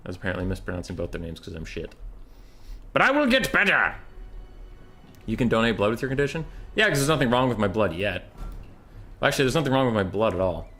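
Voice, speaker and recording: Casual young male caster, lowish voice, rambling and chatty, drops swears. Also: a bit bright. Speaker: game caster. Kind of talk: casual esports commentary.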